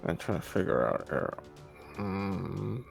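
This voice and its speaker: A man's voice: low-pitched, expressive, takes it slowly, gravelly, faint music behind. A man playing a tabletop game, thinking aloud about his next move. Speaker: player.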